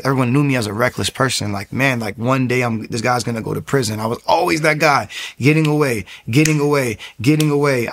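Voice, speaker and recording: A young man tells his own testimony in a loose, animated ramble. His pitch sits in the middle range, and he keeps restarting his sentences as he goes. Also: vocal fry. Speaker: testimony speaker. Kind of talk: personal testimony.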